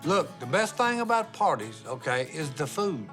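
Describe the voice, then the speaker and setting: Folksy older man, lively voice. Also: on the high side, normal speed. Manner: folksy, playful, teasing. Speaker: family member on reality show. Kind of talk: joking reality-show banter. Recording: background music under the dialogue.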